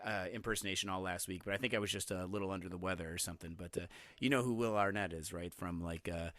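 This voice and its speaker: A man's voice: low voice, fast, dry recording. A man hosting a casual podcast chat, rambling along with plenty of restarts and filler words. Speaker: podcast host.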